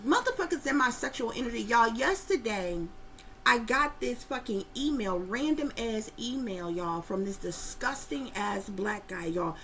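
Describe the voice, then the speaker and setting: A middle-aged woman and psychic reader, telling viewers a story in a casual, profane and animated way while calling out to her audience. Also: fairly high pitch, unhurried, slight background noise.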